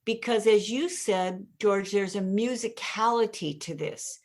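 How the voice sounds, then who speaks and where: Emphatic woman coaching in punchy phrases. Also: medium pitch. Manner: emphatic, deliberate punchy delivery with pauses; often addresses the host by name. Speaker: guest speaker and communication coach. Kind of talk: podcast interview, coaching explanation.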